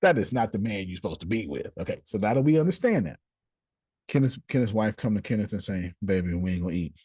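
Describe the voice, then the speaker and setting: A man's voice: fairly low pitch, animated, fast talker, a little mellow, slightly rough, dry recording. A man teaching a group class in a preachy, playful way, acting out little scenes, with speech. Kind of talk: animated group teaching talk.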